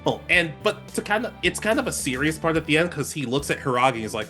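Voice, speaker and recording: A man's voice: fairly high pitch, quick pace, hardly any pauses, pushed and bright, faint music behind. A young adult man co-hosting a casual anime podcast, recapping episodes animatedly and acting out characters' lines. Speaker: podcast co-host.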